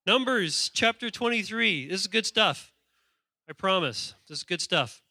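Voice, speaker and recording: High, bright-voiced animated preacher. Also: male voice, unhurried, vocal fry, no room sound, studio quality. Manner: animated, joking storyteller. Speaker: pastor. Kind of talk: sermon.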